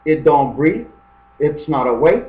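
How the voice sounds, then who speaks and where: A man's voice: a little high, very animated, measured pace, reverberant, phone-quality sound. A man giving a meandering, free-associating webcam monologue, often tossing in "okay". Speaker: webcam vlogger. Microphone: webcam microphone.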